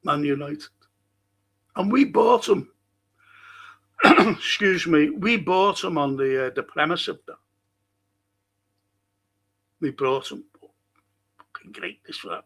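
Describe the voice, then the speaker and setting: Male fan stream host, husky and slow, sweary rambling rants. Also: on the high side, fairly bright tone. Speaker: football fan show host. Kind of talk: ranting live-stream monologue.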